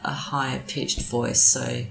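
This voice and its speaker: A woman's voice: rumbling low, takes it slowly, gravelly, faint music behind. An Australian woman who presents community radio, chatting casually as an interview guest with many restarts and fillers. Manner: relaxed, talks in restarts and fillers. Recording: echoey room, faint noise.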